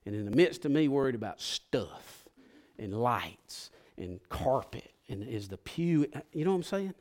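A man preaching a sermon in an emotional, conversational way, moving from hushed confession to fervent pleas. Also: medium pitch, big pitch swings, a little slow. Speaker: pastor.

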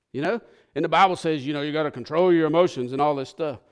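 A man preaching in a fairly high voice. He talks to the congregation like friends, dropping to near-whispers and then rising to fervent, pleading peaks. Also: brisk. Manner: emotional, conversational preaching that swings from hushed to fervent. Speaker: pastor. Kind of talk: sermon.

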